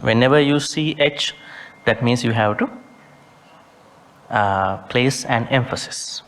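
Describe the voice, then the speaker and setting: A man's voice: medium pitch, slow pace, a bit bright. A man, a Buddhist monk, teaching a sutta study class, reciting Pali words with care and spelling out how each one should sound.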